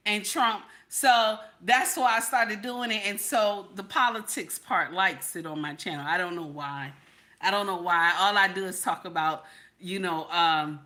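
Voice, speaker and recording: High, bright woman streamer who keeps repeating herself to her chat; casual live commentary. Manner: repeats herself, talks straight to chat viewers. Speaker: vlogger reacting to videos and chat.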